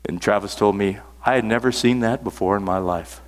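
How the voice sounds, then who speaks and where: Older preacher with a lowish voice. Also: male voice, brisk. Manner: earnest, repeats key phrases for emphasis; folksy, storytelling asides. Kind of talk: sermon. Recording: reverberant hall sound.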